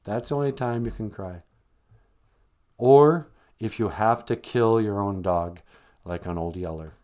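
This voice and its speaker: A man hosting a live stream talks casually about emotions and spirit with dry, wry humor, sometimes slipping into comic voices as he teaches in a loose, conversational way. His voice is lowish and darkish, and he doesn't hurry.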